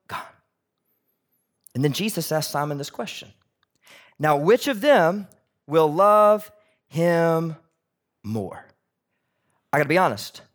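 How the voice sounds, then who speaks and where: Male pastor, higher voice, sermon, animated, loud-to-soft swings, talks to the congregation. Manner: animated, shifts between loud emphasis and soft near-whispers; conversational, asks the audience questions.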